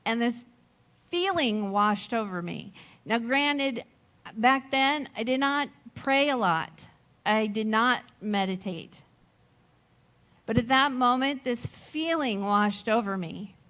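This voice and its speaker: Slow, reflective woman giving a sermon. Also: fairly high pitch, animated. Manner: slow, reflective, gently laughing while telling a story. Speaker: speaker at a Sunday service. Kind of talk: personal sermon with a story.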